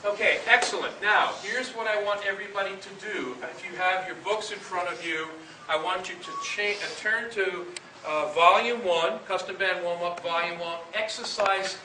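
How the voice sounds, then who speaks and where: A high-voiced man directs a band's breathing warm-up, explaining, then calling out counts firmly. He sounds distant from the mic in a big echoey rehearsal room, with hiss underneath. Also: normal speed. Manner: calls counts loudly and firmly, explains between sets. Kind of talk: instructional coaching with counted exercises. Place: large rehearsal room with a band.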